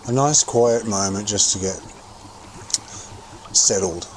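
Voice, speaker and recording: A man's voice: fairly low pitch, slow, a little hiss or hum. A middle-aged man streaming a game, rambling casually about his gear and occasionally swearing. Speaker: gaming livestreamer. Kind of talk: casual gameplay commentary.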